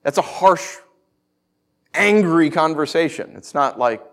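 A man preaching a sermon in an animated, conversational way, full of rhetorical questions. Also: a little high, unhurried.

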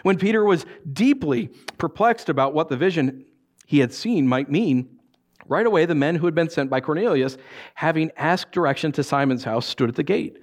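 A man, a pastor, preaching a sermon, reading scripture and acting out lively asides. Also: a little high, moderate pace. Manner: animated, acts out voices and asides.

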